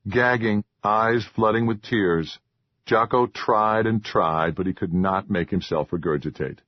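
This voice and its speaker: Low husky male audiobook narrator. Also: dry recording. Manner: measured, even storytelling. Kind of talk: scripted narration. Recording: dull lo-fi dry recording.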